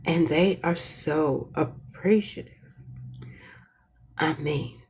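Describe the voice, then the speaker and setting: A woman hosting a heartfelt, casual inspirational talk, earnest and lively when she tells a story. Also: deep voice, slow, slightly rough. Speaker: host.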